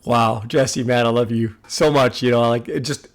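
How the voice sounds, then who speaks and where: Man, reaction host, earnest preachy talk, repeats phrases, mid-pitched. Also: fairly even intonation, normal speed. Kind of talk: casual reaction commentary.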